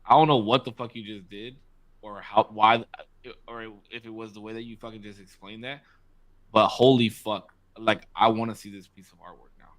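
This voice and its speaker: A man's voice: lowish voice, steady tone, normal speed, a bit bright. A man co-hosting a podcast, chatting loosely in bursts with plenty of swearing. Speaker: podcast co-host. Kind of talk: casual chat.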